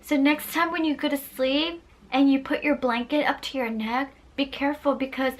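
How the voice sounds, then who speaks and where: A woman's voice: sits high, fairly even intonation, moderate pace. A young woman casually telling a scary story to her viewers, playfully acting out voices and sound effects. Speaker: storyteller vlogger.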